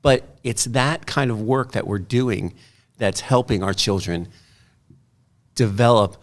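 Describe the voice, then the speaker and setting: A middle-aged man with a low, gravelly voice, chatting as a guest. He tells his stories with animation, slipping into other people's voices when he quotes them. Casual and conversational throughout. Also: slow. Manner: animated storyteller, quoting others in lively voices. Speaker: guest artist and author.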